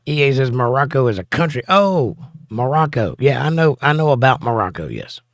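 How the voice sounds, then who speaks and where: A man's voice: mid-range voice, lively intonation, fast, no room sound, studio quality. A man hosting a casual livestream from home, reading viewer chat aloud and joking back. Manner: reads chat messages aloud, wisecracking.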